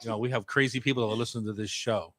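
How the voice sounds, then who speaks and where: A man's voice: medium pitch, fairly even intonation, fast talker, a bit bright. A man hosting a casual food radio show, chatty and joking, with plenty of filler words.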